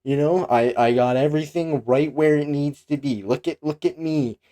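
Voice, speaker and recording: A man's voice: fairly high pitch, moderate pace, mellow. A man giving goofy, self-mocking commentary as he draws, rambling and restarting often, at a desk mic with headphones. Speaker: online video creator. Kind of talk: joking commentary while drawing. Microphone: desk mic with headphones, face cam.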